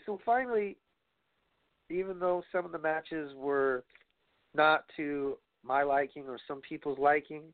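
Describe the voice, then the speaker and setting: A man's voice: on the high side, no echo. A young man hosting a casual wrestling podcast, rambling and profane with playful asides. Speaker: podcast host. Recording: tinny phone-like sound, dry.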